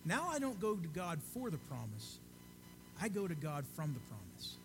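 A man preaching a sermon in an earnest, conversational way, often dropping to a soft hush. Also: fairly high pitch, huge pitch swings, moderate pace, over music.

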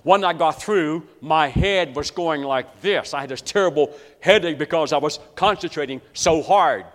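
A man from West Virginia preaching a sermon to his congregation, telling a story dramatically and swinging between hushed and loud. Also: a little high, normal speed. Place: church sanctuary. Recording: long reverb of a large hall.

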